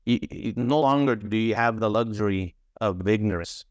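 A man's voice: lowish voice, normal speed, no room sound. A man, a former trafficking investigator, talking as a guest in an interview, emphatic and often repeating or restarting his words. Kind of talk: interview conversation.

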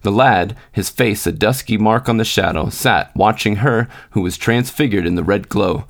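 A man narrating a classic short story for a podcast in a steady, measured reading. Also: lowish voice. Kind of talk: scripted narration.

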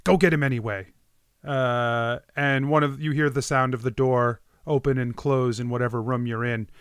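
A man's voice: medium pitch, level tone, moderate pace, fairly bright tone, smooth, no echo, studio quality. A man running a tabletop game as game master, narrating scenes and voicing side characters, with frequent fillers.

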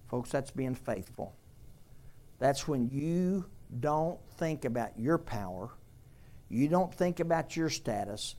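A man preaching a sermon, retelling a story with lively animation and speaking directly to his congregation. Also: fairly high pitch, slow pace, pauses often. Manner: animated storytelling, later drops to quiet earnest appeal.

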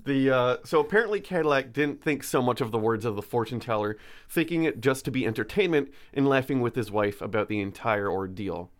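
A man's voice: mid-range voice, animated, fairly quick. Man, casual podcast storyteller, rambling delivery with fillers and restarts. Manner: rambling, stumbles over names, many fillers. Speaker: podcast co-host telling a history story.

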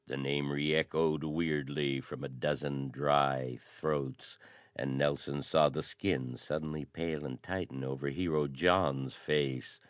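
A man narrating a pulp adventure story in a measured, dramatic reading style. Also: rumbling low, a bit bright, no echo, studio quality. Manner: measured, dramatic reading of old-fashioned prose. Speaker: audiobook narrator. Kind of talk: scripted narration.

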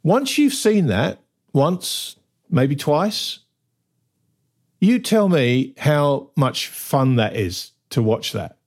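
A man's voice: fairly high pitch, lively intonation, very slow. A man co-hosting a casual talk show, making his points with emphasis and asking "right?" often. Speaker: podcast co-host. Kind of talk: casual conversation.

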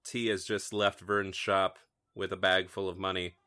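A man's voice: sits low, level tone, normal speed, bright, forceful tone, clean tone, dry recording. A man narrating a tabletop role-playing game as game master, telling the story in dramatic second person.

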